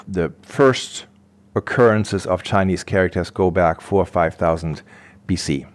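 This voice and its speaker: A man's voice: deep voice, a little slow. A middle-aged man, a guest on an interview podcast, explaining things patiently and thinking aloud as he goes. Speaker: guest expert.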